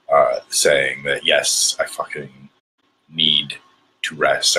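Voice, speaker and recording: Worn out and drained, this man records a frank video diary in what he admits is a poor British accent, stumbling along with plenty of fillers. He has a bass voice that comes across bright and forceful, with slight hiss or hum on the recording.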